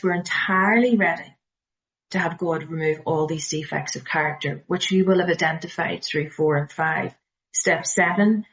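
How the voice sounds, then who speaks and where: A woman with a Northern Irish accent leading a recovery study group, speaking slowly and emphatically, sometimes dropping to a near-whisper. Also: fairly low pitch, muffled recording. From Northern Ireland. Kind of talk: earnest study-group talk.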